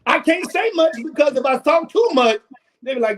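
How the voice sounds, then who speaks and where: Man, very high voice, preaching cadence, shouts at peaks. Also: expressive, brisk, slight background noise. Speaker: talk show panelist. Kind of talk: impassioned talk show discussion.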